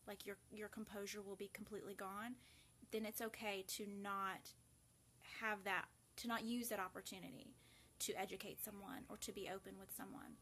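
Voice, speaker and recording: This woman, hosting a casual grief support live video, speaks earnestly to her viewers with frequent fillers and restarts. Her voice is mid-range with a fairly bright tone.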